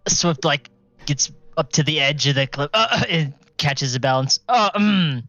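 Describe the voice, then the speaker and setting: A man's voice: fairly high pitch, steady tone, moderate pace, bright, forceful tone, no room sound, faint music behind. A man playing in a tabletop game, talking casually and joking. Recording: dull lo-fi mic.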